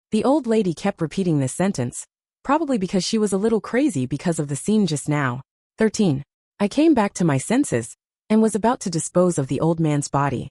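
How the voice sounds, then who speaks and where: A woman narrating a first-person audiobook story in a steady storytelling manner. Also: fairly low pitch, brisk, no echo, studio quality.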